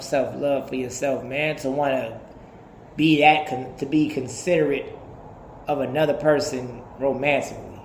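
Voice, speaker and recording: Man in his thirties, casual monologue, animated and profane, echoey room, faint background hum. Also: medium pitch. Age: 30s. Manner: animated, profane, laughing often. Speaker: podcast host.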